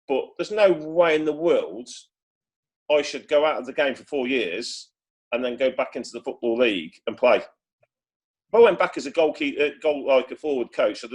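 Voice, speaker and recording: Man, mid pitch, loose rambling storyteller on a video call. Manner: chatty, rambling with many restarts and acted quotes. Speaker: former footballer guest. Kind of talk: casual storytelling.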